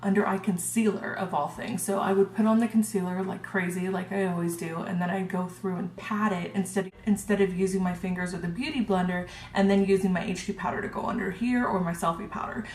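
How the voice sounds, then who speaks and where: A woman's voice: medium pitch, steady tone, fairly quick, few pauses, darkish tone. A woman casually reviewing her makeup brushes, gushing and chatty with lots of ums. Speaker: beauty vlogger. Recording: roomy with faint hiss.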